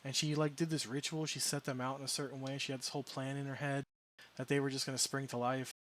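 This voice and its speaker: A man's voice: medium pitch, little pitch movement, fast, fairly bright tone, a little hiss or hum. Rambling, amused man telling a story. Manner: rambling, self-correcting, amused. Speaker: game streamer. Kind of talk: casual storytelling chat.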